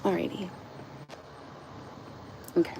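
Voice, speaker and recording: A woman's voice: slow pace, background noise. A woman reading her own book aloud outdoors into a phone, emotional and close to tears, with personal asides. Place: outdoors in the sun.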